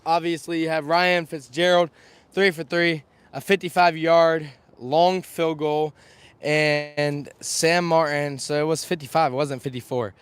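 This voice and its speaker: A young man with a slightly high, smooth voice that still carries a faint scratchiness, rattling off game stats with lively energy. He is outdoors in the wind, speaking to a camera on a stand, and the sound is dry and close. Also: a little slow, no room sound. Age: young adult. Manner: energetic, chatty, lists stats. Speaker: sports vlogger. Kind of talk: outdoor live postgame recap. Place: outdoors outside a stadium, windy.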